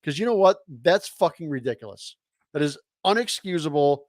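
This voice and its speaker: Brief: male co-host, heated fan rant, blunt and profane, slightly high voice, dry sound. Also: animated, moderate pace, dry recording.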